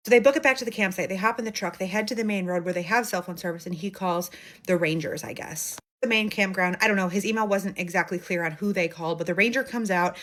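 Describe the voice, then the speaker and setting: A woman's voice: medium pitch, quick pace, a bit bright, slight background noise. A woman retelling a submitted scary story in a chatty, conversational way, briefly acting out the people in it. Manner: chatty, conversational, acts out quoted voices.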